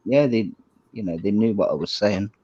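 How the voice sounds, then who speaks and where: A man's voice: on the low side, normal speed, mellow. A man in a casual group chat, talking bluntly and swearing freely. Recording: dull lo-fi audio.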